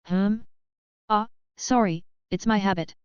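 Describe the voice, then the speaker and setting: A calm young mage, read by a woman. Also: mid-range voice, unhurried, clean tone, dry recording, natural voice. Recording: dull, lo-fi, dry sound.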